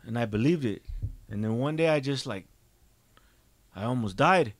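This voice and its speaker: A man's voice: medium pitch, animated, moderate pace, long pauses, no echo. A man, a guest on a podcast, telling his own story in a blunt, emphatic, profane way. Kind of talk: casual storytelling.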